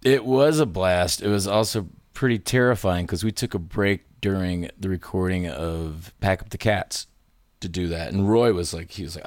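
Low-voiced man telling road stories. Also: moderate pace, dry recording, studio quality. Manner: animated anecdotes, acts out quotes. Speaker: musician guest. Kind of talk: casual storytelling.

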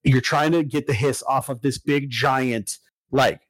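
Excitable man recapping a game. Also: mid-range voice, measured pace, no room sound, poor audio. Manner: excitable, swears, lots of fillers. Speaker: podcast co-host recapping a video game. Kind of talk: casual chat.

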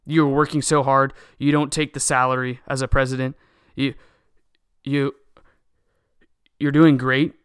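A man's voice: mid-range voice, flat delivery, unhurried, a bit bright, smooth, dry recording, studio quality. A young man delivering a solo opinion rant, agitated and indignant, often repeating words and restarting sentences. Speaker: political commentator.

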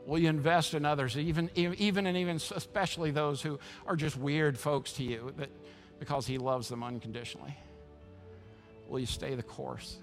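A man's voice: a little high, fairly even intonation, normal speed, faint music behind. A man preaching a sermon as pastor, impassioned and emphatic, often repeating words as he restarts.

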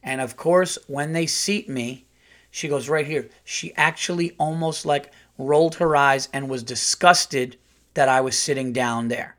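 A middle-aged male comedian hosting a podcast, telling an exasperated story in a casual, animated way and acting out the quotes. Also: mid-range voice, measured pace. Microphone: podcast studio mic.

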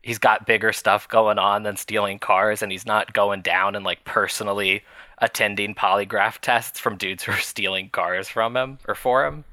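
A man's voice: lowish voice, steady tone, normal speed, bright, forceful tone, dry recording. A man co-hosting a podcast in casual chat, rambling with fillers and small laughs. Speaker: podcast co-host.

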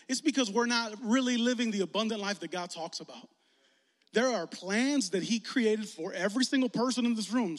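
High-voiced youth pastor in a reverberant hall. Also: male voice, moderate pace. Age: 40s. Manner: lively, joking, rising to shouts. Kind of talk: energetic youth sermon.

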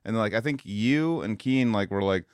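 Low-voiced man telling a band story. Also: expressive, clear, resonant tone, dry recording. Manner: loose, filler-heavy, quick bursts. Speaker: podcast guest, touring musician. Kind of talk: casual chat, storytelling.

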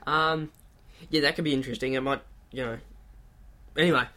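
A man's voice: medium pitch, fairly even intonation, a little fast, sharp tone. A man co-hosting a casual podcast, chatting and teasing his friend with plenty of swearing. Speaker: podcast co-host.

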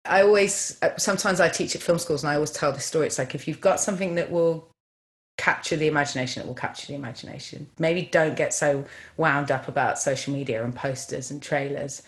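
Low-voiced woman, animated chat. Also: brisk, hardly any pauses. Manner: animated, chatty, many fillers. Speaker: film director. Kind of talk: casual interview storytelling.

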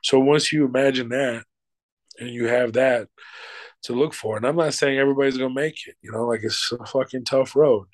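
A man's voice: medium pitch, steady tone, normal speed, no room sound, rough recording. A middle-aged man, an actor and showrunner, answering interview questions in a loose, emphatic way, swearing freely and using many fillers.

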